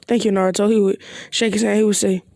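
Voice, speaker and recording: This fan improvises an anime what-if story out loud, wandering and unsure, sprinkling in "bro" and "you know" constantly. His mid-range voice is gravelly and a little mellow, delivered flat and quickly, with no room sound.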